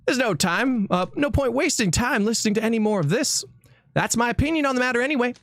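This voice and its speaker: A woman's voice: on the high side, lively intonation, fast, background noise, pitched above the performer's own voice. A woman voicing a young male defense lawyer, anxious and exclaiming. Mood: confident. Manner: worried, exclaiming. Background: game music.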